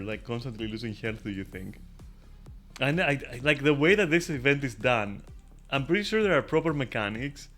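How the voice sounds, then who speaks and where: A man's voice: mid-range voice, fairly bright tone. A man giving casual gameplay commentary, chatty and swearing offhand, breaking into laughter often. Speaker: gamer. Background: faint game music.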